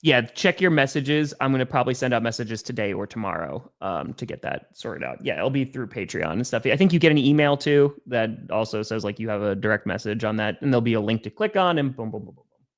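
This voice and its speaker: A man's voice: medium pitch, lively intonation, a little fast, hardly any pauses. A man hosting a casual sports podcast, upbeat, chatting with his co-host and signing off the show. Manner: upbeat, wraps up with sign-off patter.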